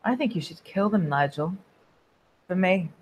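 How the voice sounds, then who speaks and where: Player doing a manipulative vampire lady, soft coaxing tone. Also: mid-range voice, lively intonation, moderate pace, slight background noise, lightly acted, rough recording. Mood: commanding. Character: seductive female vampire, cruel and manipulative.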